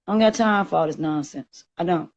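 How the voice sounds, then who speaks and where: A woman, ranting emphatically on a live stream and growing loud and agitated. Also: lowish voice, brisk, lo-fi sound. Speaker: livestreamer. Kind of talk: heated live-stream rant.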